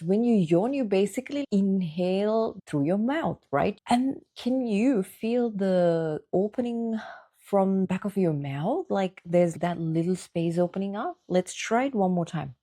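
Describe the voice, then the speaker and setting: A woman's voice: medium pitch, animated, a little slow, dark tone. A woman vocal coach giving a guided singing lesson, encouraging the listener and talking them through exercises step by step.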